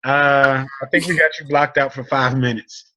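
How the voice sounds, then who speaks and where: A man's voice: mid-range voice, fairly even intonation, normal speed, a crowd in the background. A man hosting a team video call in a casual, playful and upbeat way. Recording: dull video-call audio.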